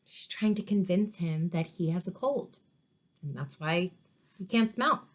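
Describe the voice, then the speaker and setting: Slow, expressive woman teacher reading aloud. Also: fairly low pitch. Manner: expressive, questioning, explains words to children. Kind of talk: read-aloud story lesson for children.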